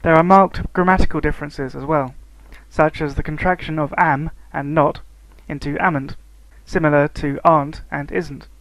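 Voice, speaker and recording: Guy reading out a lesson script, kinda high voice, dead dry close mic. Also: steady tone, fairly bright tone, no room sound, rough recording. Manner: reads steadily from a prepared script, slowing on example words. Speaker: student narrator. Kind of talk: scripted educational narration.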